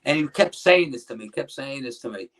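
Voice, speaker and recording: Here a middle-aged guest, once a pro wrestler and originally from New Jersey, reminisces in a casual interview. His talk is brisk and rambling, full of restarted sentences and impressions of the people he quotes, all in a standard male midrange pitch.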